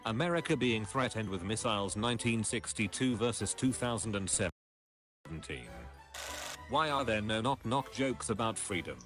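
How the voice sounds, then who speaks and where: A man with a lowish voice reads meme captions aloud on a casual stream, his pitch swinging widely as he delivers each joke. Music plays clearly behind him. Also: moderate pace. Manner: reads captions aloud, drops into deadpan low voices for punchlines. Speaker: streamer reading memes aloud.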